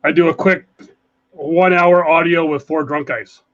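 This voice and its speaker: A man guest rattles off rambling stories at high speed in a casual call-in chat. His voice sits a little high and comes through dull, muffled remote audio. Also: fairly even intonation, fairly bright tone. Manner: talks very fast, rambling.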